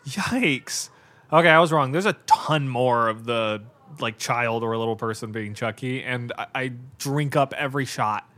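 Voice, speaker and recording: A man's voice: medium pitch, a little slow, a bit bright. A man hosting a podcast, giving casual live watch-along commentary on a movie, reacting aloud with exclamations, swearing and laughs. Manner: casual and profane, with lots of fillers like "like" and "God". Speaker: podcast host.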